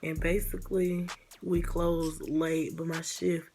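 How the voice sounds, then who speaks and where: Gravelly low-voiced young woman vlogger. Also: flat delivery, slow pace, darkish tone, slight background noise. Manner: blunt, exasperated storytelling with swearing. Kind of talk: casual storytime vlog.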